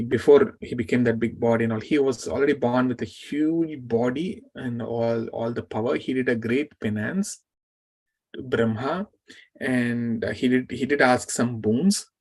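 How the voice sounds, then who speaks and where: In a medium-pitched voice at a measured pace, a man teaching scripture retells an epic energetically, voicing each character's lines.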